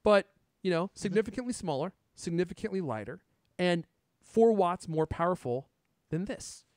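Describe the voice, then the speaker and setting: A man hosting a casual tech podcast, excitedly showing off gadgets and chatting. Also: sits high, moderate pace, no room sound, clean studio sound. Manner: excited, shows gadgets on camera. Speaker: podcast host.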